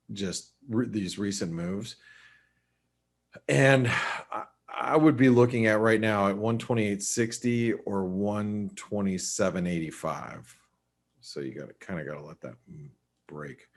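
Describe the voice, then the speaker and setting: A man hosting a live trading webinar, talking casually through currency levels and often thinking aloud with quick restarts and asides. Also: fairly low pitch. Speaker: forex market analyst.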